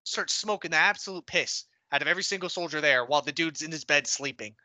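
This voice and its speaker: A young man co-hosting a podcast, animated and profane as he tells army stories with laughs. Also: fairly high pitch, fast, no echo. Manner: animated storyteller, swears freely, laughs while talking. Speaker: podcast co-host. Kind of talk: casual chat, swapping army stories.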